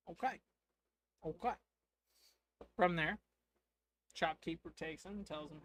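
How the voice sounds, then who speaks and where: A man's voice: on the high side, slow, pauses often, a bit bright. A man streaming a game, casually narrating his character's story and talking to his chat. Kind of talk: casual role-play narration.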